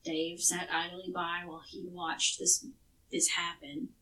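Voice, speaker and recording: A woman with a low, forceful, bright voice tells a true crime story in a loose, chatty way, swearing now and then. She sits a little back from the mic. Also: expressive, unhurried, gravelly, far from the mic, rough recording. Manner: chatty, swearing, restarts words. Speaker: podcast co-host telling a true crime case.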